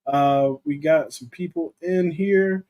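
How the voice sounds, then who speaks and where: A man's voice: on the high side, slow pace, dull audio, slight background noise. A young man co-hosting a casual livestream about movies, chatting loosely and reading viewer comments aloud. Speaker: co-host of a movie talk livestream.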